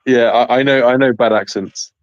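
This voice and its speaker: A man's voice: mid-range voice, fairly even intonation, normal speed, no room sound, highs cut off. A British man chatting on a live stream as a guest. He talks casually and laughs often. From United Kingdom.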